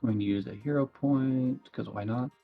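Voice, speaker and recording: A man's voice: mid-range voice, normal speed, vocal fry, narrow, tinny audio, soft background music. A man playing in a tabletop game, describing his character's moves hesitantly and filling gaps with "like.". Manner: hesitant, hedges with many likes. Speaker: player. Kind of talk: casual tabletop play.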